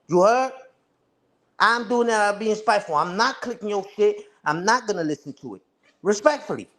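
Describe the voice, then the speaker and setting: A man's voice: high-pitched, lively intonation, fairly quick, a bit bright. A man ranting casually on a livestream, taunting and repeating himself. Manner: taunting, repetitive, says "respectfully" and "you heard".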